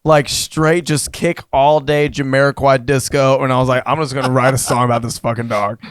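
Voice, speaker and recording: A man's voice: medium pitch, level tone, a little fast, clean tone, dry recording, studio quality. A man who is a singer-songwriter, chatting casually on a podcast, rambling through stories, laughing often and acting out what people said. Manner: rambling storyteller, laughs often, acts out quotes. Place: studio lounge.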